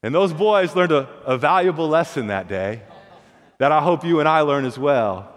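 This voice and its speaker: A man's voice: a little high, lively intonation, moderate pace. A male pastor preaching a sermon in a folksy, storytelling way, often restarting and repeating words. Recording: long hall reverb.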